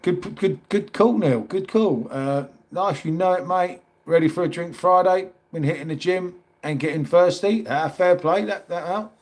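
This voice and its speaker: A man's voice: sits high, moderate pace, hardly any pauses, darkish tone. A middle-aged man with a London accent, chatting casually on a livestream and reading out comments, calling everyone mate. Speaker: livestream host.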